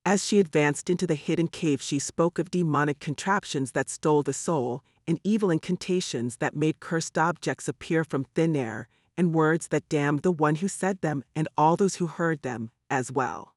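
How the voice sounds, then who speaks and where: A man's voice: a little high, normal speed, hardly any pauses, no echo. Man narrating an audiobook, dry close sound. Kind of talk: scripted narration.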